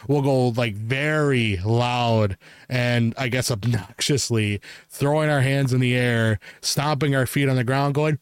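A young man telling rambling, jokey stories on a casual podcast, laughing often and putting on loud silly voices. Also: medium pitch, moderate pace, clean tone, no echo, studio quality. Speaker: podcast host. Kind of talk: casual podcast chat, storytelling.

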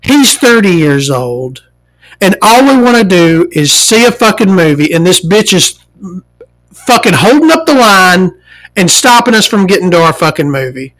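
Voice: mid-range voice, sing-song, normal speed, a bit bright, low-quality recording. A forty-year-old vlogger telling an angry, profanity-laced story and mimicking the people in it. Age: 40s.

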